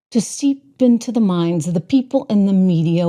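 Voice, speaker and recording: A woman's voice: on the low side, moderate pace, hardly any pauses, dark tone. A woman hosting a political commentary show, talking emphatically and with indignation, stretching out the words she stresses, from an indoor room. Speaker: talk show host.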